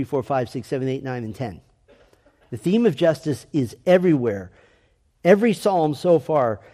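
A man teaching an adult Sunday school lesson, asking earnest, emphatic questions and reading scripture aloud slowly. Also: fairly high pitch, mellow, in a large hall. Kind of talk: Bible lesson.

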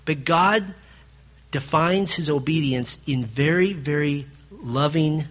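A pastor preaching a sermon in a fairly high male voice. He drives his points hard, then pulls back to a near-hush to let them land. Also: slow pace. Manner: emphatic preaching that swings from loud to hushed.

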